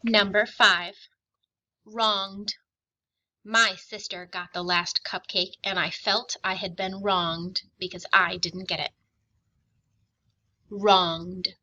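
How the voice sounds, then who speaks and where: Bright-voiced woman teacher, slow and clear. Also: mid-range voice, steady tone, low-quality recording. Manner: slow, clearly enunciated dictation, patient and encouraging. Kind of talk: recorded classroom lesson.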